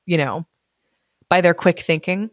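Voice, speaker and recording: A woman co-hosting a podcast, reading a fairy tale aloud and chatting about it in a lively, laughing way. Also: on the low side, measured pace, no room sound, studio quality. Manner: animated, laughs often, voices quotes. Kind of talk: casual chat and storybook reading.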